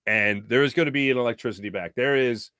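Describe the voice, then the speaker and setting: Chatty Philly sports talk host. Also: male voice, mid-range voice, fast, dry recording, studio quality. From United States. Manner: chatty, animated, lots of filler uh and like. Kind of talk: casual sports talk, reading chat.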